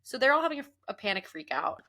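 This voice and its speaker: A young woman hosting a podcast, telling a story in a casual, animated way and acting out the people she quotes. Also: high voice, quick pace. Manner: animated, laughing, often acts out quoted people. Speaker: podcast host. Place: Los Angeles.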